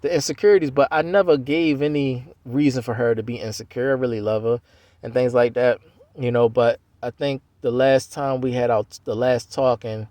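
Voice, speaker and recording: A man's voice: medium pitch, fairly even intonation, moderate pace, darkish tone, no room sound. Rambling middle-aged man telling his story. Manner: loose, conversational, full of "you know" and restarts. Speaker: Navy veteran telling his life story.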